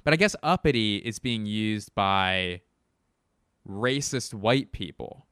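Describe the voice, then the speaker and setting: A man's voice: lowish voice, animated, takes it slowly, fairly bright tone, smooth, dry recording, clean studio sound. A man in his thirties hosting a comedy podcast alone, rambling and sarcastic, swearing often. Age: 30s. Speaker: podcast host. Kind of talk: comedic solo podcast monologue.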